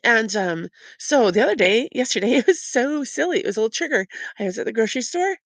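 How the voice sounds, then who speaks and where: A woman's voice: mid-range voice, vocal fry, no room sound. A middle-aged woman sharing a heartfelt, openly emotional personal faith reflection as a vlogger.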